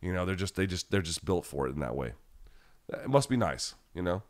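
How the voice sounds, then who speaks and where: A man's voice: low-pitched, fast talker. A man hosting a podcast live chat, answering viewers in a blunt, rambling, casual way with many restarts.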